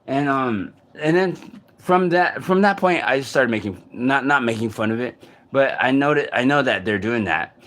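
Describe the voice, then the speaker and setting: Guy vlogging outdoors in a park, halting and searchy, keeps restarting his sentences. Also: mid-range voice, animated, fairly bright tone. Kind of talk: casual self-recorded vlog monologue.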